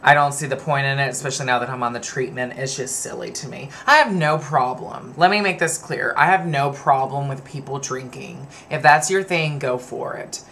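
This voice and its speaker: A man's voice: mid-range voice, normal speed, creaky, few pauses, bright, forceful tone. Young man, twenties, casual vlog talk, chatty, rambling, faint background hum. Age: 20s. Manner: chatty, rambling storyteller, digresses. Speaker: vlogger.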